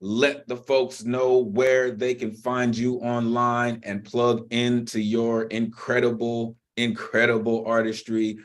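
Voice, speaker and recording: A man's voice: medium pitch, flat delivery, slow, few pauses. A man hosting an online poetry open mic over a video call, effusive as he praises and introduces performers.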